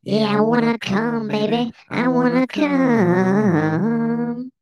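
A woman voicing a crude, lewd male alien in a lowered, drawn-out voice. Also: a little mellow, dry recording.

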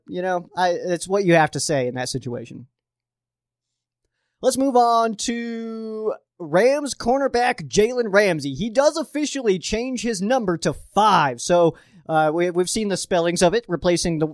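A man's voice: high-pitched, normal speed, no room sound, clean studio sound. A man hosting a casual sports commentary show, talking animatedly and acting out fans' reactions. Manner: animated, acts out fan reactions in quotes.

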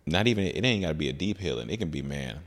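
Very deep gravelly man telling a story. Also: rapid-fire. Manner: animated storyteller, acts out voices in quotes. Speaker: guest, comedian. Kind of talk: casual storytelling.

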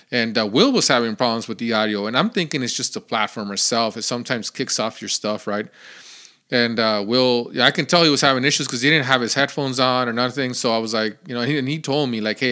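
A man hosting his own podcast, telling a rambling story in a casual, animated way with lots of fillers. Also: mid-range voice, fairly quick. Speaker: podcast host.

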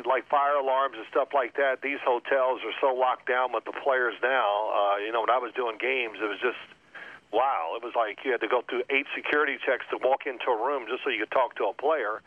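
An older man in his sixties tells stories in an animated, casual way and keeps slipping into other voices for his quotes. The sound is thin and narrow, like it is coming through a phone. His pitch sits in the middle. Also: a little fast, no room sound. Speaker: guest, former pro quarterback. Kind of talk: casual storytelling. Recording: phone-like line.

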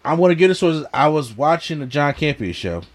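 A man's voice: fairly high pitch, sing-song, quick pace. A man co-hosting a casual podcast chat, often stammering and repeating his words. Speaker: podcast co-host.

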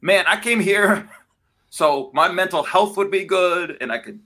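A man's voice: high voice, expressive, unhurried, sharp tone. A man joining a casual comedy chat by video call, talking in a laid-back way and calling people man and brother.

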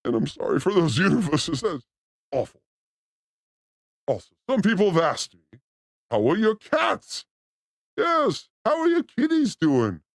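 A man's voice: normal speed, long pauses, dry recording, clean studio sound. A man hosting a show, delivering a rambling, joking comedic monologue. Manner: animated, joking, pitch swooping up and down. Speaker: host.

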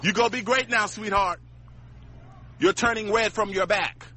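A man's voice: high voice, fairly even intonation, moderate pace, very noisy. A man in a filmed street confrontation, preaching at a stranger in a mocking way and laughing between rebukes.

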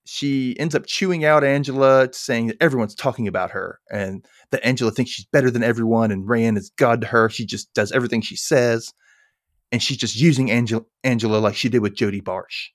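In a clean studio recording with no room sound, a podcast host runs casually through an episode recap. His mid-range voice moves fairly quickly, and he animatedly acts out the characters' dialogue in raised voices.

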